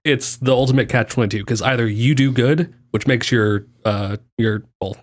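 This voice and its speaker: A man on a gaming podcast, speaking at a middle pitch. He talks bluntly and with emphasis, swearing now and then as he makes his points. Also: steady tone, normal speed. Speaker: podcast co-host. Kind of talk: casual chat.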